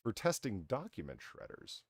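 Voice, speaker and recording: Lively, laughing man hosting online. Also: on the low side, normal speed, no room sound. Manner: rambling, laughs through his own stories, swears. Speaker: game show host of an online comedy show. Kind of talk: casual comedic chat.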